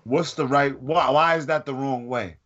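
A man co-hosting a podcast in casual chat, animated and argumentative, at times bursting into shouts. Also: medium pitch, moderate pace, lo-fi sound. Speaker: podcast co-host.

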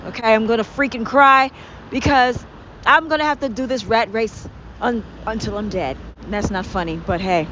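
A woman's voice: a little high, normal speed, a bit bright. A woman hosting a solo podcast, ranting sarcastically and with exasperation, swearing as she goes. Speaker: podcast host. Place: indoors near a street with honking cars. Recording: dull lo-fi home recording with faint traffic.

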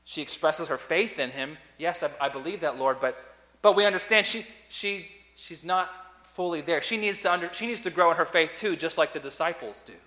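A man preaching a sermon as a pastor, earnest, swinging between loud emphasis and soft, quiet lines. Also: a little high, fairly quick. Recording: long reverb of a large hall.

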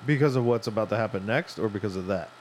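A man's voice: lowish voice, quick pace, a little hiss or hum. Laughing podcast co-host man. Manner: reactive, laughing, hedging with "like". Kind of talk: casual chat.

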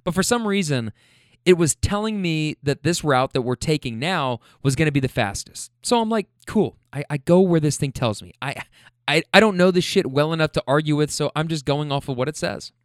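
Animated man telling driver stories. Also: on the high side, fairly quick, no room sound, studio quality. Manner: animated, laughing, profane. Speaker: rideshare driver. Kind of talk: casual storytelling.

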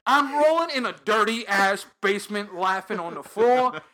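A young man hosting a podcast, chatting excitedly and swearing often. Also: high voice, normal speed. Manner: excitable, profane, acts out quotes. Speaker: podcast host. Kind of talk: casual chat.

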